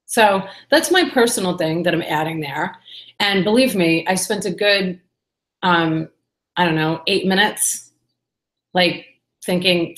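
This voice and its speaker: A woman's voice: on the low side, unhurried, a bit bright. Chatty woman vlogger in a roomy space. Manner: chatty, rambling and candid, with lots of fillers. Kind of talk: casual personal vlog.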